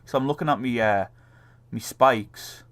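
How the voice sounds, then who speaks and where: A man's voice: medium pitch, measured pace, a bit bright. A man co-hosting a casual gaming chat, swearing freely and laughing often. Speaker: podcast co-host.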